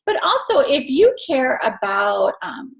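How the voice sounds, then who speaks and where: Chatty woman teacher, higher voice. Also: very animated, a little slow. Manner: casual, chatty, with many fillers. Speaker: instructor. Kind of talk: recorded lecture over slides.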